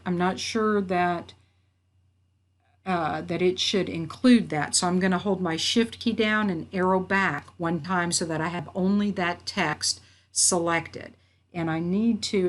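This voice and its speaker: A woman instructor walking through a software tutorial, reading out each step and checking her work as she goes. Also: on the low side. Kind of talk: screen-recorded software tutorial. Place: at a computer.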